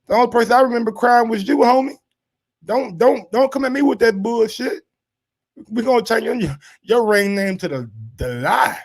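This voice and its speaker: A man hosting boxing commentary, reacting to social media posts in animated, slangy casual talk with drawn-out exclamations. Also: very high-pitched.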